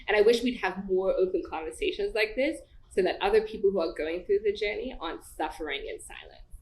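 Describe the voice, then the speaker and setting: A woman's voice: mid-range voice, brisk, darkish tone. A woman co-hosting a podcast, speaking earnestly and emotionally about hard experiences in a heartfelt conversation. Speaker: podcast co-host. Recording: echoey room with faint background noise.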